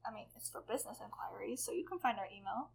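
A woman's voice: mid-range voice, fast talker, creaky, slightly rough. A teenage woman co-hosting a podcast in casual chat, giggly and rambling, swearing freely. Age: late teens. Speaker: podcast co-host.

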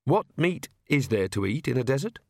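A man voicing a dry, sharp-tongued young woman with a deadpan delivery. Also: medium pitch, normal speed, slight background noise.

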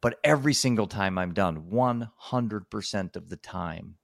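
Gravelly and on the low side, this podcast host's voice moves at a moderate pace in clean, echo-free studio sound. He talks casually and rambles, frequently restarting and dropping in "you know."

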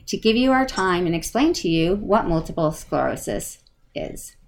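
A middle-aged woman hosting a casual podcast interview, gushing praise and laughing easily. Her pitch swings widely as she talks, and her tone stays chatty throughout. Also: normal speed. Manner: warm, effusive, animated with laughs. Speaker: podcast host.

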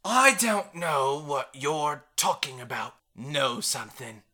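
A game master voicing a fierce female dwarf bartender who dodges questions and scolds loudly. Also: expressive, slow, heavily acted. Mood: evasive. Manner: evasive, then shrill and scolding.

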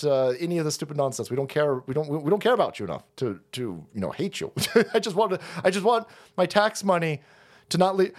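Animated, swearing man ranting on a stream. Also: high-pitched. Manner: profane, mocking, heated rants; rambling with restarts and chuckles. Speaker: live stream host. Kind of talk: ranting live stream commentary.

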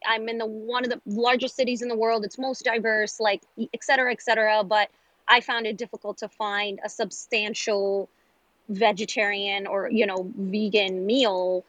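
A woman with a New York accent, a guest chef talking candidly and quickly in a relaxed interview chat. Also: mid-range voice, no room sound, rough recording. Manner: candid, chatty, quick asides.

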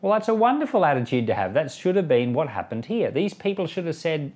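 A man's voice: a little high, sing-song, fairly quick, few pauses, a little mellow. A pastor reading scripture and then giving conversational commentary, sometimes acting out the people he quotes. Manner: conversational, acts out quoted voices. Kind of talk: Bible reading with spoken commentary.

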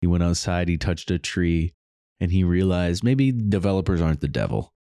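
A man's voice: sits low, animated, moderate pace, mellow, no echo, clean studio sound. A man hosting a casual podcast, joking, sarcastic and swearing freely. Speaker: podcast host.

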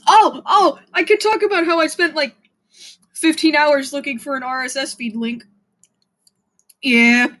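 A young woman hosting her own podcast alone, ranting casually with lots of swearing and self-mockery, now and then breaking into shrill shouts. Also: steady tone, moderate pace, pauses often. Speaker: podcast host. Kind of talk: casual solo podcast rant.

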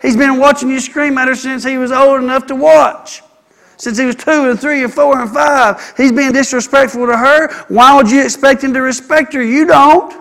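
A man preaching a sermon, animated and acting out the people he quotes. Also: extremely high pitch, normal speed, gravelly, big-room sound. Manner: animated, acts out quoted people, calls for amen.

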